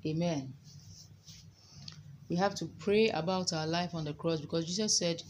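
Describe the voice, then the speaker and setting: A woman leading prayer in an informal sermon, reading scripture slowly and reverently, with frequent amens and hallelujahs. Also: lowish voice, slight background noise, poor audio. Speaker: prayer leader.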